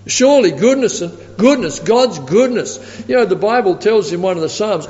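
A man's voice: sits high, expressive, normal speed, few pauses, a little mellow. A man preaching a sermon emphatically and chuckling as he tells a story. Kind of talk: sermon with anecdote. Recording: echoey hall, dull lo-fi sound.

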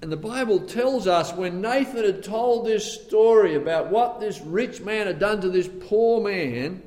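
A man preaching a sermon who swings from loud, rising outbursts to hushed, low tones, with chatty asides between scripture quotes. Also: animated, unhurried. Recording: long reverb of a large hall.

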